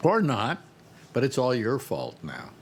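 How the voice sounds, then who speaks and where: Lively man ribbing his friends. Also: medium pitch, measured pace, slight background noise. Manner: teasing, mock-complaining. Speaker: panel member. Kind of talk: casual banter.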